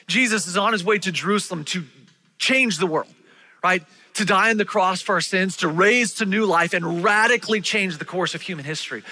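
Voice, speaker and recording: Bright, high-voiced preacher. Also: male voice. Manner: animated storytelling, acting out voices of people in the stories. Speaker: pastor. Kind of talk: sermon.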